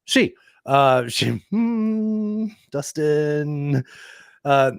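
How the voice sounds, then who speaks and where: A man's voice: on the high side, animated, extremely slow, gravelly, clear, resonant tone, no echo, clean studio sound. A man hosting a podcast in casual chat, rambling and joking with lots of fillers. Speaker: podcast host. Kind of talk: casual chat, playing clips.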